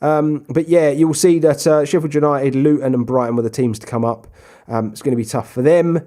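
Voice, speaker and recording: A young man casually commentating his own football management game, chatty, with sudden bursts of excited shouting. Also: a little high, fairly quick. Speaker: gaming YouTuber. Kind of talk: casual Let's Play commentary.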